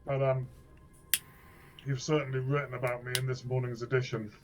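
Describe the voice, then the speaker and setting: Man, tabletop player, blunt investigator, middle pitch, slightly dull sound. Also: little pitch movement, normal speed, over music. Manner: firm, blunt questioning. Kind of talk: in-character tabletop role-play.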